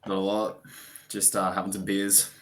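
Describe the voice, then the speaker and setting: A man co-hosting a casual podcast, relaxed and jokey, swearing now and then. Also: sits low, moderate pace. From Australia. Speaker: podcast co-host.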